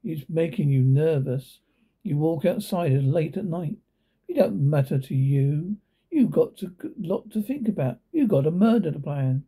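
Man, horror storyteller, hard-boiled reading, dark husky voice, lively pitch, stumbles over words. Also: unhurried.

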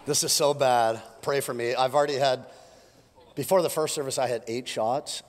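A man preaching an energetic, joking sermon to a congregation, his voice worn thin from preaching many services, swinging between loud jabs and quiet asides. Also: medium pitch, unhurried. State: losing his voice. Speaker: pastor. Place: church auditorium with live congregation. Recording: long hall reverb.

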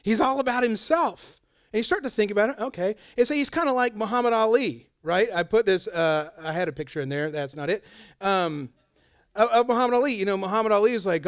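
A man with a high, smooth and resonant voice preaches a chatty, informal sermon. He keeps drifting into asides and quick quoted lines. The sound is dry and close. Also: lively intonation, no room sound. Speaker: pastor.

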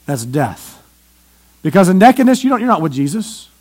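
A male pastor preaching a sermon in a church, animated and often questioning the audience. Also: high voice, moderate pace, slightly rough.

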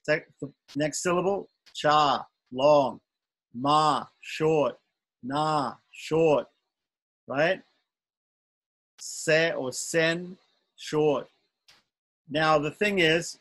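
A man's voice: on the high side, a bit bright, rough recording. A man teaching an online chanting class, patiently going syllable by syllable and often correcting himself.

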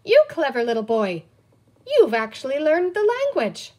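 A woman voicing a bold, curious young girl heroine in a storybook reading, with excited high exclamations. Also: normal speed, husky, exaggerated voice. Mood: eager.

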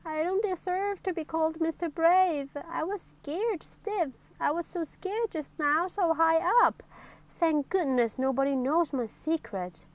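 A woman's voice: very high-pitched, measured pace, voice pushed up. A woman voicing a timid storybook man who is secretly scared, and who cries out in a flustered, gasping way. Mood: ashamed.

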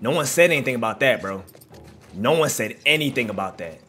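A man's voice: medium pitch, expressive, brisk, bright, forceful tone, a little hiss or hum. A man giving live, slangy reaction commentary while playing a video game, trash-talking the enemies. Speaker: gaming channel host.

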